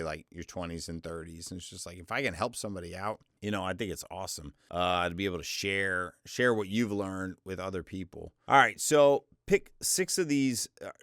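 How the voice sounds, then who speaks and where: A man's voice: deep voice, a bit bright, no echo, studio quality. A man in his forties coaching voiceover work in a loose, chatty, self-deprecating way, his voice often cracking. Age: 40s. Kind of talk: casual instructional talk.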